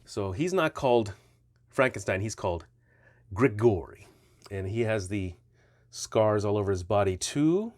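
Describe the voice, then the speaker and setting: A man's voice: on the low side, lively intonation, a little slow, pauses often, darkish tone, no echo, clean studio sound. A man casually reviewing stretchy toy figures, chatty and rambling, often correcting himself mid-sentence.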